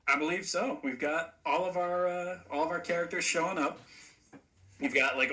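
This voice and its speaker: Man, very bright tense voice, podcast co-host, relaxed dry humor. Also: medium pitch. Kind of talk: casual movie review chat.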